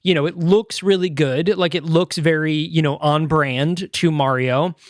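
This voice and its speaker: A man co-hosts a podcast in casual chat, rambling along with fillers and restarts. His voice is on the high side and a little slow, recorded in clean studio sound with no room sound.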